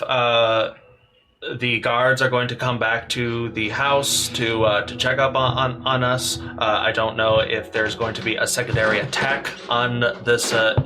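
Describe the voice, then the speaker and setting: A timid young healer stumbles over his words in a lilting put-on Irish accent, as a man voices him at the game table. He talks slowly and haltingly. Music plays behind him. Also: medium pitch, close to an everyday voice. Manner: stammering, hesitant. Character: nervous young male healer, bookish brother.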